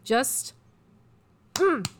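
Woman, podcast co-host, casual chat, eager explainer, lots of um and like. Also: very slow. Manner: chatty, explains eagerly with many fillers. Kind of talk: casual chat about literature.

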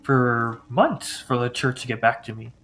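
A man doing a hoarse, gruff old priest. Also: medium pitch, measured pace, fairly bright tone. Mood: weary.

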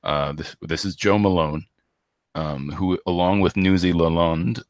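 A man co-hosting a casual hockey podcast, rambling with lots of fillers and restarts, and rattling off stats quickly. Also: low-pitched, no room sound. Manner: reads stats in a quick, flat run. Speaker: podcast co-host.

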